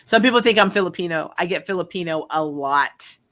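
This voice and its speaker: Woman host, bright forceful voice, animated storyteller who acts out quotes. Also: lowish voice, brisk. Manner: animated storytelling, frequent laughter, acted-out quotes. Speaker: show host. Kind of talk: casual chat.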